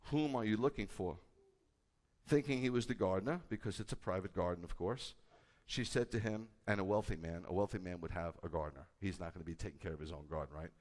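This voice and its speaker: A man, a rabbi, preaching a sermon with a conversational manner and bursts of loud, emphatic delivery. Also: deep voice, fast talker, few pauses. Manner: animated, rising to loud emphatic peaks. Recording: hall with long reverb.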